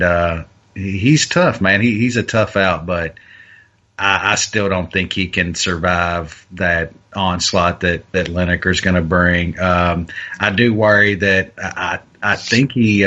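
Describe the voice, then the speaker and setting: A man's voice: low-pitched, pushed and bright, lo-fi sound. A man co-hosting a podcast, chatting casually about fights and bets, often restarting and repeating his words. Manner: hesitant, many restarts and stammered repeats. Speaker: podcast co-host. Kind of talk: casual MMA betting talk.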